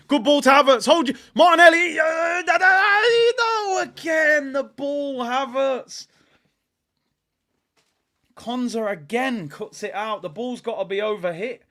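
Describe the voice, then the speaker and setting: A young man commentating live on a football match as a fan, excitable, using slang and shouting at the players. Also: high-pitched. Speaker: fan watchalong host.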